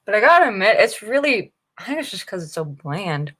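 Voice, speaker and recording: A woman's voice: medium pitch, big pitch swings, brisk, a bit bright. A young woman chats casually on her morning writing livestream, reading out viewer comments as she goes. She rambles and restarts her sentences, and she giggles often. She sounds tired and a little loopy from being up early.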